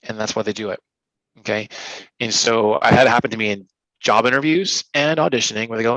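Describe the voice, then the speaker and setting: A man coaching people on handling pressure, talking with energy and slipping into little acted-out voices as he explains. His voice is bright and forceful. The sound is dry and close, with no room echo. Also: fairly low pitch, quick pace. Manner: energetic, acts out little scenes in quoted voices. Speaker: speaker and coach. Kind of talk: interview answers, coaching advice.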